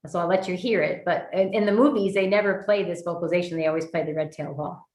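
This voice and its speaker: Middle-aged new lady giving a chatty bird talk, lowish voice, roomy echo. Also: fast talker, a little mellow. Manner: chatty, with many fillers and restarts. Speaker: birding workshop presenter. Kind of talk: virtual lecture with slides.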